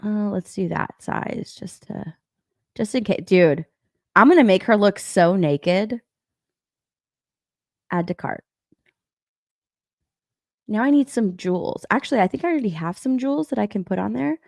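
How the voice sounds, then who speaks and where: A young woman, a stream co-host, is running a live stream by herself and rambles loosely, circling back on her own points. Her pitch leaps around constantly, and her gravelly voice is expressive and measured, with frequent pauses, casual swearing, and lots of laughter. The audio is close and dry, with no room echo.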